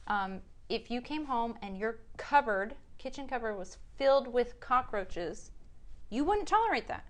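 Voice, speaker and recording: Higher-voiced woman co-hosting a podcast. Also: expressive, unhurried, fairly bright tone. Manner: earnest, explains with examples and anecdotes. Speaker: podcast co-host. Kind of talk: casual parenting podcast chat. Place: hotel room in a city.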